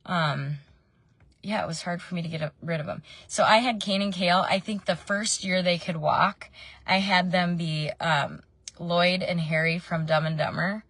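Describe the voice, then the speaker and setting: A makeup vlogger in her thirties chats casually while doing her makeup in a parked car, her fairly low, slightly bright voice staying fairly even at a moderate pace in a dry recording. She meanders between makeup tips and family news, saying "um" a lot.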